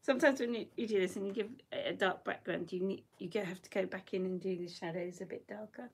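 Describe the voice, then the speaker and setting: A woman's voice: mid-range voice, fast, husky. A middle-aged woman chatting casually while she paints in her bedroom, rambling and laughing often. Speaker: watercolour artist.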